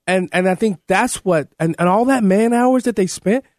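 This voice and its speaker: Guy hosting talk radio, gets loud and squeaky when he argues, dry studio sound. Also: normal speed, no room sound. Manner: excitable, shouts and jumps high in pitch when arguing. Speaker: radio talk show host.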